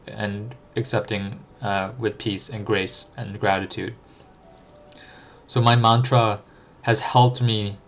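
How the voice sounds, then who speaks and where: A young adult man streaming live, answering chat in a reflective, thinking-aloud way with frequent ums and restarts. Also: lowish voice. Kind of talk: casual livestream chat.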